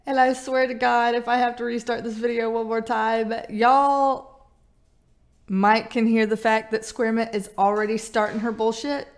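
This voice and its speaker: A woman's voice: a little high, little pitch movement, moderate pace. A woman doing a casual tarot reading vlog, irreverent and profane, laughing often. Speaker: tarot reader.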